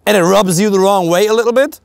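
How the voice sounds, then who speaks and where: A man's voice: high-pitched, quick pace, vocal fry, clear, resonant tone, no room sound, clean studio sound. A man with a German accent, a dating coach giving a blunt, emphatic talk to camera, full of rhetorical questions. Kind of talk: direct-to-camera coaching monologue.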